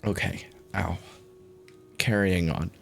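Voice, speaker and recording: A man's voice: low voice, fairly even intonation, takes it slowly, vocal fry, faint music behind. A man streaming a game, chatting casually with a wry, profane manner. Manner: wry, profane, swearing freely. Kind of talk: casual gameplay commentary.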